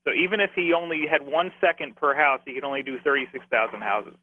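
A man, a radio guest, reasoning things through out loud in a casual way and laughing often, heard over the telephone. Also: medium pitch, steady tone, fast talker, dry recording. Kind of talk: casual talk on a phone-in. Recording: tinny phone line.

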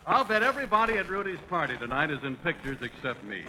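Bright-voiced male radio announcer. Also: on the high side, very animated, fast talker, a little hiss or hum, rough recording. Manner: smooth, earnest salesman delivery. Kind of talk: 1940s radio comedy and live ad read.

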